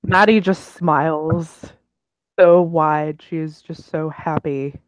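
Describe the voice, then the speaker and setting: A tabletop game player gently narrating their characters' affectionate actions. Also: mid-range voice, fairly even intonation, slow pace, clear, resonant tone, rough recording. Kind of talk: casual role-play narration.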